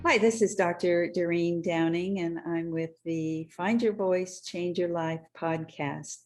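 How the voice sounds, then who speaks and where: A woman's voice: on the low side, steady tone, measured pace, faint music behind. A woman hosting a podcast, introducing her guest with light laughs. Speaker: podcast host. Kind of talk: interview introduction.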